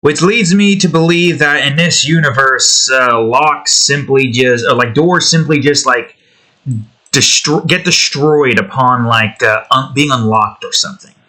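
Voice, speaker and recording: A man's voice: medium pitch, a little slow, sharp tone. A man chatting casually as he builds his own game. He rambles, swears, talks to the pieces he edits and jokes in a put-on redneck drawl. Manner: jokingly puts on a redneck drawl. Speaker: hobby game developer.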